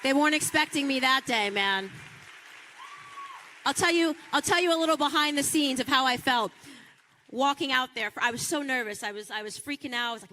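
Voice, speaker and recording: A woman speaks in a high, piercing register, sharp and forceful in tone. She delivers a passionate political speech. She repeats lines for punch and climbs to near-shouting peaks. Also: fairly quick, long reverb tail. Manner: repeats phrases for rhetorical punch.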